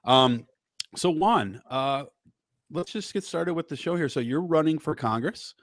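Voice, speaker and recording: A man's voice: fairly high pitch, animated, unhurried, dry recording, studio quality. A man hosting a podcast in casual, joking banter that rambles and goofs around. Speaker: podcast host.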